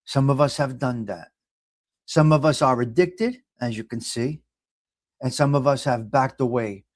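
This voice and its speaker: Chatty and prone to rambling and repetition, this New York-accented man hosts a casual morning chat where he reads a horoscope and frequently addresses viewers by name. He speaks at medium pitch and a measured pace, with no echo.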